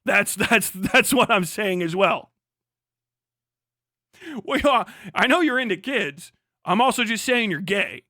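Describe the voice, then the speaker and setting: A man with a high, bright, sharp voice rants through casual live-stream commentary. He swears often and laughs between points. The sound is dry and close, with no room around it. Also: slow pace, long pauses, dry recording. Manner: profane, laughing, animated.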